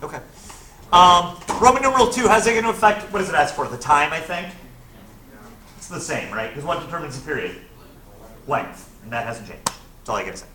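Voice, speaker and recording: Brief: male teacher, slightly high voice, conversational lecture, distant mic in a roomy classroom. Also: expressive, fairly quick, pauses often. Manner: conversational, checks in with frequent "right?". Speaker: physics teacher. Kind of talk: classroom lecture, reviewing test problems. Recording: echoey classroom, recorded from afar, noisy.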